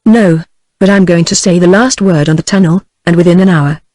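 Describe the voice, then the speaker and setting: A woman's voice: lowish voice, a little fast, no room sound, close to an everyday voice. A text-to-speech woman's voice with a British English accent, reading the lines of a mocking, easygoing Irish man without changing her voice. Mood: teasing. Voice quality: flat synthetic delivery.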